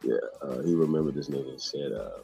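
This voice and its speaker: Deep raspy dude on a live stream, swearing and cracking up, faint music behind. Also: male voice, lively intonation, a little fast, warm tone, lo-fi sound. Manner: laughing, mocking, swearing often, breaks off mid-read. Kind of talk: casual live stream commentary reading aloud.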